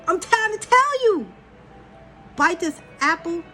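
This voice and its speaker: A woman's voice: extremely high pitch, lively intonation, slow, sharp tone, faint music behind, pitched above the performer's own voice, exaggerated voice. Woman doing a brash, crude serpent temptress. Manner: brash, mocking, streetwise.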